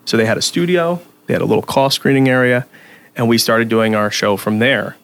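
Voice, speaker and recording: A man's voice: medium pitch, fairly quick, fairly bright tone. A man who is a podcast guest, telling stories in a rambling casual chat full of restarts. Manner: rambling, many restarts and fillers.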